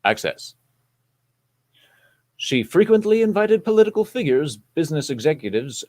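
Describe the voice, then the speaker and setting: A man's voice: a little high, a little mellow. A man reading a news article aloud on a casual live stream, in an exaggerated news-anchor voice.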